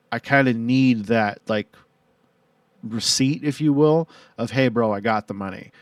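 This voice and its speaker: A man's voice: medium pitch, no echo. Guy rambling through a story, lots of "like" and "i was like", dry room, mic a bit far off. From Tucson, Arizona. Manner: rambling, full of filler and quoted dialogue. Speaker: vlogger. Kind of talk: casual storytelling.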